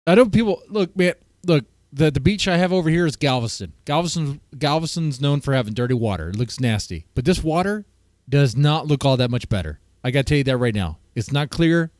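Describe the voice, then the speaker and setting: A man's voice: on the high side, expressive, a little fast, a little mellow, dry recording, studio quality. A man hosting a livestream, giving a rambling, crude reaction commentary full of fillers. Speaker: streamer host.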